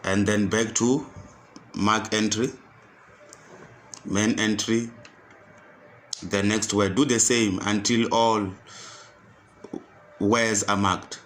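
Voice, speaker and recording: A man tutoring computer skills, walking through a software task step by step and repeating each instruction. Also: on the low side, little pitch movement, slow, long pauses, a little hiss or hum. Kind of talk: screen-recorded software tutorial.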